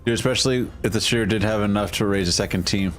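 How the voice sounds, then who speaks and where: A man's voice: fairly low pitch, quick pace, soft background music. A man streaming a game, chatting casually, rambling and swearing freely with self-deprecating jokes. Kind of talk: casual gameplay commentary.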